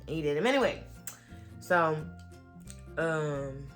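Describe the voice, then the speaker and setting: A woman vlogger telling a personal story to her viewers, animated and full of fillers. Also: sits low, a little slow, long pauses, faint music behind. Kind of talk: storytime vlog.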